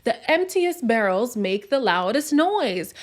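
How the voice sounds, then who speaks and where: A woman hosting a casual reality TV recap, talking in a sassy, conversational way with quick asides. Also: a little high, sing-song. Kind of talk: casual review monologue.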